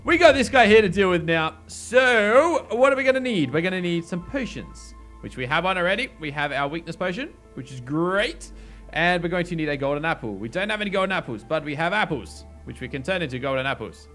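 Male gaming host, sharp and forceful, playful commentary, light music bed. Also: high-pitched, a little fast. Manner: excitable, talks to game characters. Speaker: gaming YouTuber. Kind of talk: casual let's play commentary.

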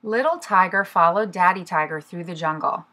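Preschool teacher reading a picture book aloud. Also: female voice, lowish voice, moderate pace, pushed and bright.

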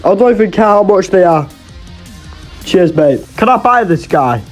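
A young man talks over his gameplay in a high, bouncy voice that swings all over the place. He is exasperated and jokey, swearing freely as he plays. A little music runs faintly underneath. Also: animated, moderate pace. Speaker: gaming YouTuber. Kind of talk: casual gameplay commentary.

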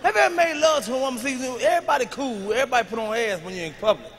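A man performing a stand-up comedy routine on a big stage, telling profane stories with a swagger, jumping between shouts and low asides. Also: expressive, rapid-fire, in a large hall, background noise. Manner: loud, swaggering, profane storytelling with sudden shouts and drops to a murmur. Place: large live venue on stage.

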